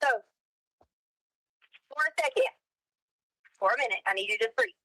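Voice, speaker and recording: A woman in a heated phone argument, answering curtly and defensively and complaining that she is being yelled at. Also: fairly high pitch, very animated, normal speed, dry recording, rough recording.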